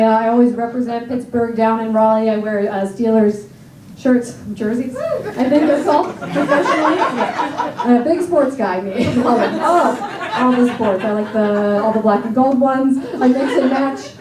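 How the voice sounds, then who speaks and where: A high-pitched woman with an American accent performs a stand-up set full of dry, self-mocking asides. She sounds a little off the mic, and her voice rings around an echoey comedy club. Laughter from the audience is clear behind her. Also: distant mic, background noise. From Northern Ireland. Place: comedy theater stage before a laughing audience.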